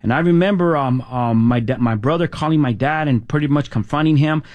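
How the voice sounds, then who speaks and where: A man's voice: medium pitch, a little fast, darkish tone, lo-fi sound. A man telling his own life story as a testimony, with many restarts and fillers, and voicing friends' lines in casual street slang. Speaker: testimony speaker.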